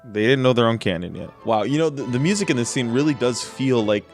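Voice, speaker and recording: A man's voice: mid-range voice, fast, soft background music. A man hosting a casual movie reaction, joking and laughing, recorded close to a studio mic. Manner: animated, joking, lots of laughs. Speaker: reaction video host.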